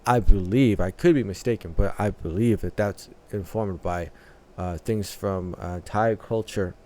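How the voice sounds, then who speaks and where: A man with a low voice and dark tone hosts a music reaction channel, talking through a track in a thoughtful, analytical way with many filler pauses.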